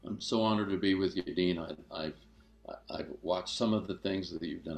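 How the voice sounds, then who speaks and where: An older man, a guest author, tells a story with animated energy and acts out each voice. His voice is very deep and gravelly. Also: moderate pace, roomy sound, faint music behind. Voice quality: gravelly low voice. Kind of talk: storytelling in an interview.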